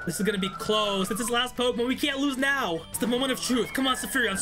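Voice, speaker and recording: A man commentating a Let's Play of a fan-made game, excitable and animated, reading the game's dialogue aloud. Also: extremely high pitch, fairly quick, hardly any pauses. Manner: excitable, animated, reads game text in put-on voices. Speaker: gaming YouTuber. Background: faint game music.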